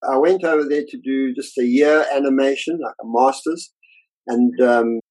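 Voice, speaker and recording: An older man, an illustrator, telling lively anecdotes about his career in a casual interview and acting out the voices of people he quotes. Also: mid-range voice, moderate pace, rough recording.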